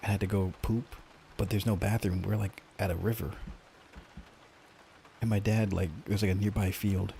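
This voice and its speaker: Gravelly low-voiced man ranting profanely. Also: little pitch movement, normal speed, long pauses, mellow, a little hiss or hum. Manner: profane, ranting, mock-grumpy joking. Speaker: streamer. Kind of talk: casual chat with viewers.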